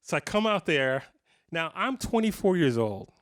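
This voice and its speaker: A very animated man in his fifties talks at normal speed in a fairly high, fairly bright voice. Addressing a live audience in a guitar shop clinic room, he rambles through self-mocking stories and restarts them frequently.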